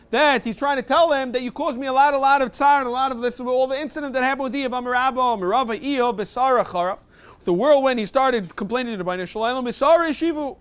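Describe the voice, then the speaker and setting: Rabbi type, high smooth male voice, reads text then explains it quick, class review. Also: a bit bright. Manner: quick mix of read Aramaic and plain English explanation. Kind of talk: talmud class review, reading and translating.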